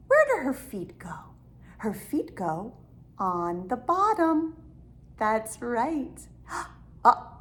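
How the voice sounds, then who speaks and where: A woman speech therapist leading a toddler language lesson, talking in a sing-song voice with exaggerated gasps and drawn-out words. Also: mid-range voice. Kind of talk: toddler speech lesson over an app game.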